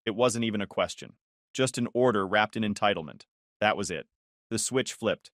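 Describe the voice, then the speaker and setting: A man's voice: fairly low pitch, moderate pace, a bit bright, no room sound. A man narrating a first-person story with a dry, sarcastic delivery.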